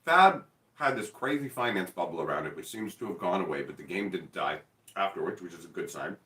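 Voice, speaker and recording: A man's voice: low-pitched, expressive, fairly quick, a bit bright. Rambling man in an echoey room. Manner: rambling, laughs often, lots of "like". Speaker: card game channel host. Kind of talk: casual chat. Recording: echoey room, mic at a distance.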